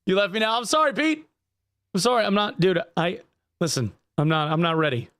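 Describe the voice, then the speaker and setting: Man streaming, high voice, dry close sound, jokey, swears casually. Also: lively intonation, fairly quick, fairly bright tone, no echo. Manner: profane, jokey, chatty. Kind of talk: casual livestream chat.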